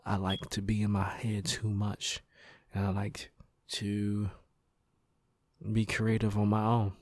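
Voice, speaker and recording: A man hosting his own podcast, slowly and reflectively recalling a memory in a rambling, casual way. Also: fairly low pitch, completely flat delivery, a little mellow, dry recording, studio quality. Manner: slow, reflective, rambling with pauses. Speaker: podcast host. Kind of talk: casual personal storytelling monologue.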